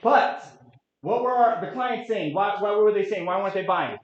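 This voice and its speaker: A man in his late thirties presenting a real estate market update to a room, energetic and quizzing the audience. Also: high voice, normal speed. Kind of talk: interactive office presentation. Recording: echoey room, dull lo-fi sound.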